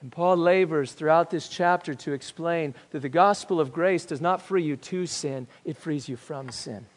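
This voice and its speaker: A man's voice: fairly high pitch, normal speed. Emphatic man preaching in a reverberant hall. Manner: emphatic preaching, swinging from loud to hushed. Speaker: pastor. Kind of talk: sermon. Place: church sanctuary. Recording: long reverb of a church hall.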